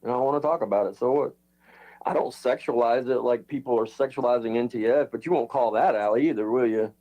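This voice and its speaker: A man's voice: mid-range voice, fast talker, warm tone. A man streaming a heated online argument, taunting and insulting the other speaker in a mocking tone.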